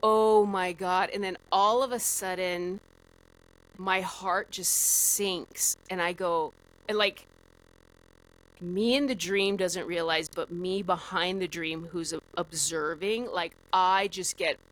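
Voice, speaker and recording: Animated woman telling a story. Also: fairly low pitch, takes it slowly, rough recording. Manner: animated, vivid storyteller with many fillers. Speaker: podcast guest. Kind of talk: casual storytelling.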